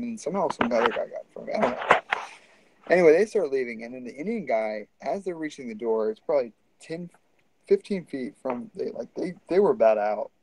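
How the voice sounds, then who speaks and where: A man's voice: medium pitch, a little mellow, no echo, rough recording. A man telling a story in a casual, rambling and profane way.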